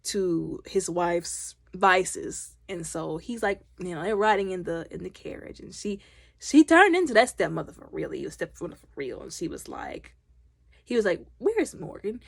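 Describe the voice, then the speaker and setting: A loud, talkative woman retells a film scene by scene, putting on the characters' voices as she goes. Her voice has a gravelly fry. Her pitch rises and falls a lot, and the sound is dry and close. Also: animated, normal speed, no echo. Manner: chatty, retells scenes by acting out characters' lines. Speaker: movie reviewer. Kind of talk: casual movie recap.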